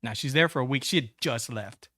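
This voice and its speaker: A man's voice: mid-range voice, a little fast, sharp tone, no room sound, clean studio sound. A man, casually telling a long story as a podcast guest, full of fillers, restarts and swearing. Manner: rambling, many fillers and restarts, swearing, acts out quoted voices.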